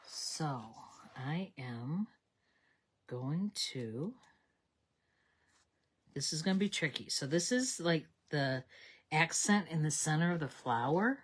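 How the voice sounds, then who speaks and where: A woman's voice: deep voice, lively intonation, takes it slowly, pauses often, husky. A woman hosting a live card-making stream, chatting as she talks herself through each step at her craft table. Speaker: crafting livestream host.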